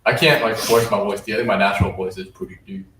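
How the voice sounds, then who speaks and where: A man's voice: lowish voice, steady tone, quick pace, far from the mic, crowd noise. A man co-hosting a casual live stream, easygoing and thanking viewers by name. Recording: echoey room, off-mic.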